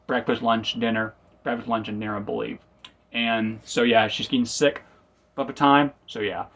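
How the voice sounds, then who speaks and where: Man, casual review, rambling, self-correcting, mid pitch. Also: steady tone, moderate pace, a bit bright.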